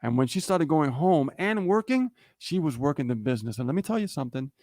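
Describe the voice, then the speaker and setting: A man's voice: a little high, animated, fairly quick, darkish tone, dry recording, clean studio sound. A man co-hosting a livestream, telling a story in a casual motivational way and often checking in with "okay?" and "right?". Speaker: livestream co-host.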